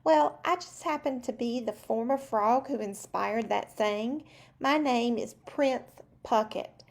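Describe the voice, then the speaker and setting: A woman's voice: fairly high pitch, slow pace. A woman reading a picture book aloud as a cheeky young prince turned frog, in a chatty, confiding storyteller tone.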